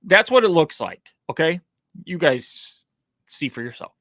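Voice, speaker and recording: A man's voice: on the high side, very animated, unhurried, background noise. A man hosting a casual political commentary show, mocking and sarcastic as he reacts to clips.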